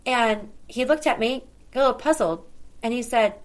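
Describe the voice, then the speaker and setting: A woman's voice: a little high, moderate pace. A middle-aged woman hosting a podcast, telling a personal story in a conversational way and bringing the dialogue to life as she retells it. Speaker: podcast host.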